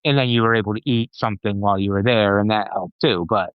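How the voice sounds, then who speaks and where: A man's voice: fairly low pitch, steady tone, quick pace, clear, resonant tone, no room sound. A man co-hosting a podcast, chatting in a rambling way full of "you know" fillers. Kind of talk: casual chat. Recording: dull, dry lo-fi podcast audio.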